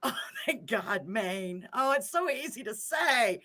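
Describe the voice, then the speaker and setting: A woman's voice: fairly high pitch, animated, slow, sharp tone. An older woman hosting a radio show, chatting casually and emotionally, often laughing. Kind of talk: casual chat.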